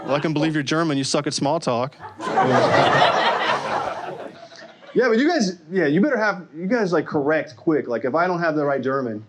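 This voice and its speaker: High, lively male comic on stage. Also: moderate pace. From Arkansas. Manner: animated, jokey crowd work with quoted voices. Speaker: stand-up comedian. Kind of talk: stand-up comedy set. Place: comedy club stage before a laughing crowd. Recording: loud audience noise behind.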